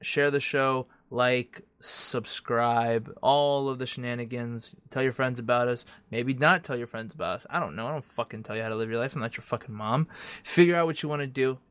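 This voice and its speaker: A man's voice: medium pitch, normal speed, a bit bright, clear, resonant tone, no room sound. Young male podcast host, casual and jokey with loose swearing, recorded dry. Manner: loose, joking, swears freely. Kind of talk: casual chat.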